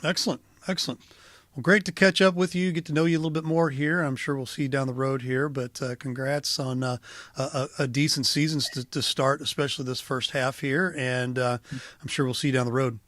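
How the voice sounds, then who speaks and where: A man interviewing a coach in a casual sports show, asking brisk, upbeat questions. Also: medium pitch, steady tone, a bit bright, dry recording.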